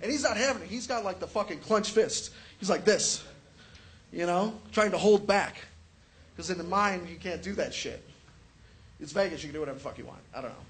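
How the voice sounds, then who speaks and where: A man's voice: high-pitched, brisk, fairly bright tone. A young man doing a stand-up comedy set, telling crude, profane stories and acting out quotes. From Chicago area.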